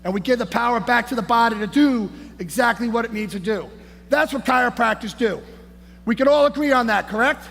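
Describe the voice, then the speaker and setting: Fired-up high-voiced man shouting in hall. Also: a little fast. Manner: hyped, shouting, keeps saying "man" and "baby". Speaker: conference speaker. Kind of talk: fired-up motivational speech. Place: large conference hall on stage. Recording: echoey hall, faint noise.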